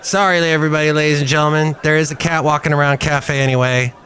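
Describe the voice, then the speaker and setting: Chatty man with a rough post-covid voice. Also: fairly high pitch, little pitch movement, fast talker, fairly bright tone. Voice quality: rough, smoker-like after illness. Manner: chatty, joking, rambling asides. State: recovering from covid, slightly rough voice. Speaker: podcast host. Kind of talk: casual podcast chat. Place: cafe.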